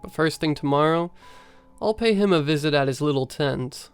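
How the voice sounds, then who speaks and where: A man's voice: fairly high pitch, animated, moderate pace, clear, resonant tone, no room sound, soft background music. A man voicing a stern middle-aged police detective in a horror story reading, firm and formal.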